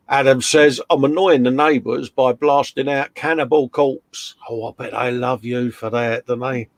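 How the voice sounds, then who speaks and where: A man's voice: medium pitch, fairly even intonation, a little slow, no room sound. A man co-hosting a casual live stream, reading out viewer comments with jokey, matey banter. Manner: jokey, matey banter, calls everyone mate and fella. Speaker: co-host of a live modelling chat stream.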